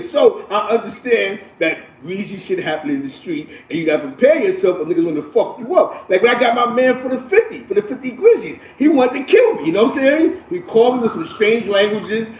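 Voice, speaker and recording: A man casually telling street stories on a podcast, animated and streetwise, laughing as he goes and often asking "you know what I'm saying.". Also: sits high, brisk, roomy sound, slight background noise, rough recording.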